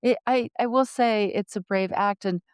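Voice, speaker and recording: A woman co-hosting a casual conversation, telling personal stories with lively restarts and laughter. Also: medium pitch, normal speed, clear, resonant tone, no echo, clean studio sound. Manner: animated storyteller, frequent restarts and laughter. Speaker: podcast co-host.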